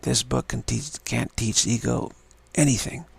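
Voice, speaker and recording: A man with a low, gravelly, husky voice gives a livestreamed spiritual lesson. He talks slowly and haltingly, repeating words and filling pauses with "uh". The sound is dry and close. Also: steady tone, no room sound. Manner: slow, halting, repeats words with many fillers. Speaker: spiritual teacher.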